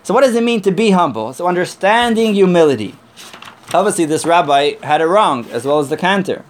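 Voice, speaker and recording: A man's voice: high-pitched, expressive, fairly quick, a little hiss or hum. Earnest man teaching a Torah class. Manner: earnest and emphatic, repeats points, tells a joke. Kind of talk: conversational lesson from sources.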